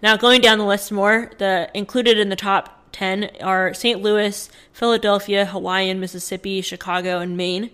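A woman's voice: medium pitch, steady tone, moderate pace, hardly any pauses, a bit bright. A woman co-hosting a casual podcast, sharing news stories in a chatty way with plenty of fillers. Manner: chatty, reads from notes with fillers. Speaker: podcast co-host.

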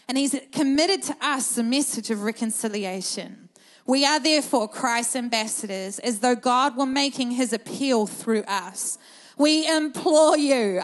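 High-voiced woman preaching with passion. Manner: passionate, storytelling, builds to urgent emphasis. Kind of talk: sermon.

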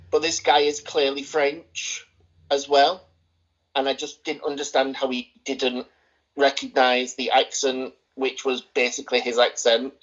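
A man's voice: medium pitch, fairly bright tone. A man co-hosting a casual film review podcast, rambling and opinionated, with plenty of hesitations. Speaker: podcast co-host. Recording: dull lo-fi sound.

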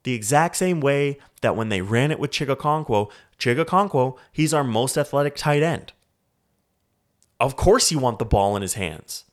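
Casting: Canadian man, podcast host, angry profane football rant, mid-pitched. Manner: heated, profane, ranting. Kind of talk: solo sports podcast rant.

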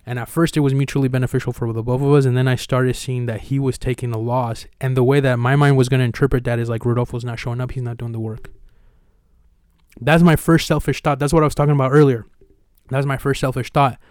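A male podcast host talking openly in a relaxed, slangy way and swearing freely. His voice is smooth and clear, in a dry, close recording with no room sound. He jumps into lively impressions when he retells a conversation. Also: mid-range voice, rapid-fire, few pauses, no echo. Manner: candid, swears casually, slangy; acts out retold dialogue with energy.

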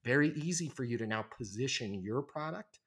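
In a conversational podcast interview, a sales trainer in his forties speaks in a medium-pitched, fairly bright, breathy voice with lively intonation and a fairly quick pace. Emphatic and persuasive, he keeps checking in with "right?"

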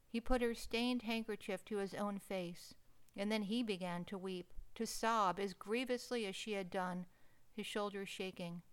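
Woman narrator, mid-pitched and smooth-toned; expressive, emotional story reading.

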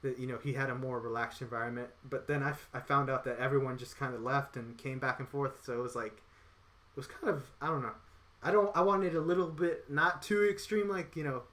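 A man's voice: medium pitch, steady tone, brisk, a bit bright. Man, casual chat, rambling storyteller, acts out quotes, mid-range voice.

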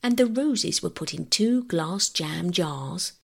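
A woman narrates a bedtime story in a gentle, measured way. Her voice is low and husky, with a gravelly edge. The telling is calm and unhurried. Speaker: audiobook reader.

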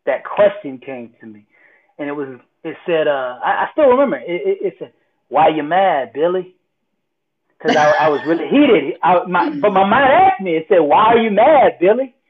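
Motivational speaker, male, husky, storytelling, phone-quality audio. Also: a little high, normal speed. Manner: animated storyteller, repeats words, acts out quotes loudly. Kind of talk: casual storytelling conversation. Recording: tinny phone-like line.

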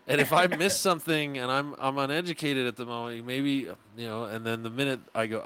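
A man telling stories on a podcast, animated and swearing freely, acting out the people he quotes. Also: medium pitch, fairly quick, hardly any pauses, clean tone. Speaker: podcast guest. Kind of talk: casual podcast chat. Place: podcast studio.

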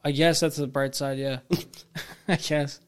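A man's voice: medium pitch, a little slow, clean tone. A man co-hosting a casual podcast, telling stories with lots of swearing and acting out the people he quotes. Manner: animated storyteller, swears, acts out people he quotes. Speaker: podcast co-host.

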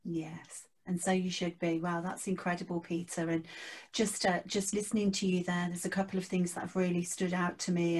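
Low, flat-voiced woman podcast host. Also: poor audio. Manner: attentive, affirming. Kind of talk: interview conversation.

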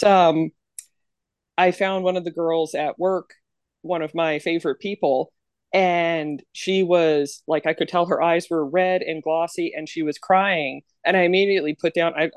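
A woman's voice: fairly low pitch, darkish tone, no room sound, studio quality. A woman co-hosting a podcast in casual chat, joking about herself and laughing often. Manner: jokey, laughs often, self-deprecating. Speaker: podcast co-host.

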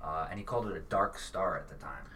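A man's voice: low voice, fast talker, sharp tone, a little hiss or hum. A man co-hosting a casual podcast, telling rambling, wry stories. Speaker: podcast co-host. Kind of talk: casual storytelling banter. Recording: distant mic with faint ambience.

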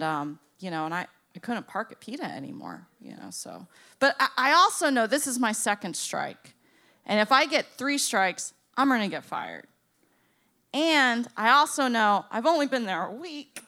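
A young woman from Florida tells a comic story. Her voice is high and bright and jumps around a lot. She acts out the people in it and swings from loud to hushed.

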